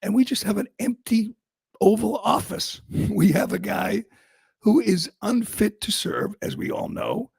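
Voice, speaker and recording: A man's voice: high voice, sing-song, measured pace, creaky, darkish tone, breathy edge, dry recording. A man hosting a talk radio show, delivering an opinionated monologue in a sarcastic, emphatic, mocking manner.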